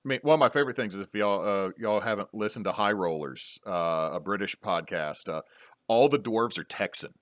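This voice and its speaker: Brief: male host, lowish voice, rambling chatty delivery, dry close mic. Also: brisk, fairly bright tone, dry recording. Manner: rambling, frequent restarts and fillers. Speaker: podcast host and game master. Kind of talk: casual panel discussion.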